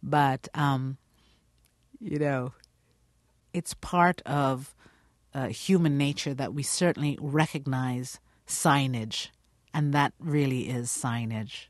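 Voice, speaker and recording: A woman's voice: a bass voice, takes it slowly, no room sound, studio quality. A woman, an actress, telling stories in an interview and acting out the people she quotes. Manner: animated storyteller, acts out quotes. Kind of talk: radio interview.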